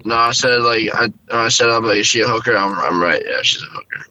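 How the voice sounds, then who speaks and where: A man's voice: mid-range voice, fairly quick, highs cut off, very noisy. A young man co-hosting a podcast, rambling and swearing in casual crude banter. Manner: rambling, swearing, laughs a lot. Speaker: podcast co-host.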